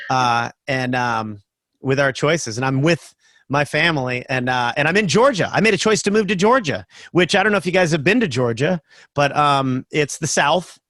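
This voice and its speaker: Fifty-ish guy doing standup over a video call, fairly high voice, dry close sound, rambling jokes. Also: no room sound. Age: 50s. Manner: animated, jokey storytelling with lots of fillers. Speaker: comedian.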